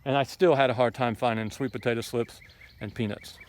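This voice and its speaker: A homesteading vlogger gives a casual, rambling tour of his garden outdoors, speaking fairly quickly at medium pitch with fairly even intonation and a slightly mellow tone. He's blunt and opinionated, full of ums and asides.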